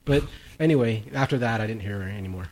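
A man's voice: quick pace, a little mellow. A man co-hosting a podcast in casual chat, swearing often and laughing through his stories. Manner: swears a lot, laughs through stories, mimics in high pitch. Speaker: podcast co-host.

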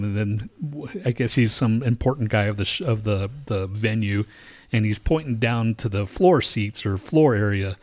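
A man spinning a rambling, profanity-laced story in casual chat, acting out the voices of people in it. His voice sits at an ordinary middle pitch, loose and chatty. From lives in Denver. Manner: profane, rambling, acts out quotes.

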